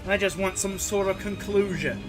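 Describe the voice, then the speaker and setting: A man's voice: sits high, normal speed, music in the background. A man streaming a game and chatting casually in a sarcastic, rambling way. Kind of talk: casual gaming commentary.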